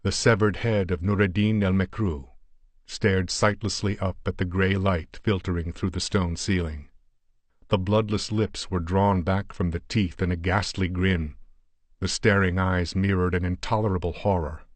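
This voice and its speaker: A man narrating a horror story as an audiobook, in a measured, deliberate way. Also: sits low, steady tone, dry recording.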